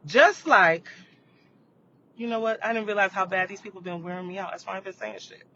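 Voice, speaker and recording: A man's voice: a little fast, sharp tone. A man hosting a casual live chat, rambling about current events and checking in with viewers with "you know what I mean". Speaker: livestream host. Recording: muffled lo-fi audio with faint rumble.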